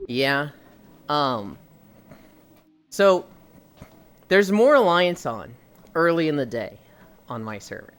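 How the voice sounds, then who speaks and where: A man's voice: a little high, very animated, takes it slowly, pauses often, a bit bright, clear, resonant tone, faint music behind. A man streaming while walking on a treadmill, chatting and telling a long, rambling story with casual swearing.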